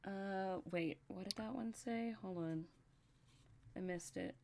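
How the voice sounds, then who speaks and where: A woman hosting a casual livestream chat, talkative and quick to laugh, often talking to herself as she goes. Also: mid-range voice, creaky, warm tone, slight background noise. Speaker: livestream host.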